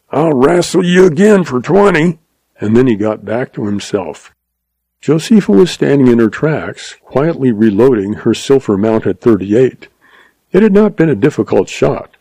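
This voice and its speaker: A man reading a story aloud in measured, scripted narration. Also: mid-range voice, creaky, warm tone, slightly rough, no echo, poor audio. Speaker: audiobook narrator.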